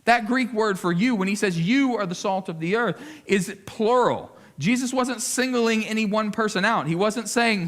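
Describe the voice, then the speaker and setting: A man delivering a sermon from the pulpit, his voice sitting a little high for a man. He swings from loud, emphatic lines down to quiet, searching appeals, and repeats words as he works out his point. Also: moderate pace, few pauses. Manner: preaching with big swings between loud emphasis and hushed appeals; repeats words while gathering his thoughts. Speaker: lead pastor.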